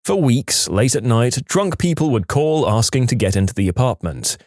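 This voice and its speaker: A man's voice: medium pitch, no room sound, studio quality. A man narrating reddit stories aloud as the show's reader, shifting voices for the people in them. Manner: lively storyteller, playing the callers in quick shifts. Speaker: story narrator.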